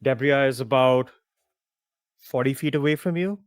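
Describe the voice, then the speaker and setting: A man's voice: mid-range voice, normal speed, no echo. A man narrating as game master for a tabletop game, casual with lots of fillers.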